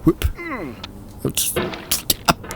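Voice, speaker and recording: A gaming YouTuber doing let's play commentary, exasperated and talking back at the game, lurching between yelling and muttering. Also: drawn-out words, noisy background. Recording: voice with game music playing. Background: game music.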